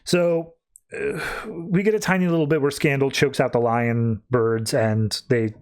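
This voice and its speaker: A man's voice: medium pitch, fairly even intonation, normal speed, darkish tone. A man hosting a podcast, recapping comics in a chatty way with plenty of fillers. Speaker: podcast host. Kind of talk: casual comic book recap.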